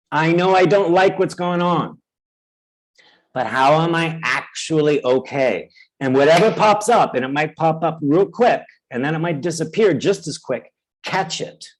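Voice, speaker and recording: A man leads a webinar with a voice that sits somewhat high. He explains ideas patiently, breaks into high, panicky cries to act out inner voices, and keeps asking whether it makes sense. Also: poor audio. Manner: checks in often with the audience. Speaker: webinar presenter. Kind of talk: webinar teaching.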